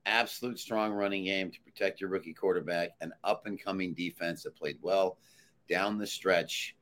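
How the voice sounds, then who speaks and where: A man's voice: deep voice, fairly even intonation, normal speed, a bit bright. A man handicapper in casual sports talk, confidently and emphatically giving his betting picks.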